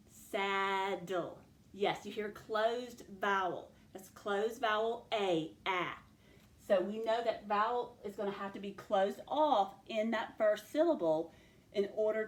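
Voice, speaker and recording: Woman teacher going slow, stretching out each word sound, echoey classroom. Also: medium pitch. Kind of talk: classroom phonics lesson.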